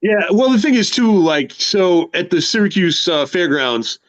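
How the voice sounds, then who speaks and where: A man hosting a wrestling talk show, telling a relaxed, rambling anecdote. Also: high-pitched, unhurried, muffled recording. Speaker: host. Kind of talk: casual chat.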